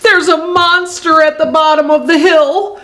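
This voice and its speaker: A woman voicing an excitable young male beaver in a storybook, eager and breathless. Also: extremely high pitch, measured pace, pitched above the performer's own voice, exaggerated voice. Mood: frightened.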